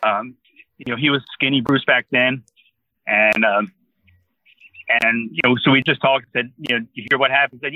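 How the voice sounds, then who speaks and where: A man's voice: medium pitch, steady tone, moderate pace, pauses often, no room sound, phone-quality sound. A man in his sixties from New Jersey, a guest telling a long rambling anecdote in casual conversation. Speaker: interview guest. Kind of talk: casual storytelling.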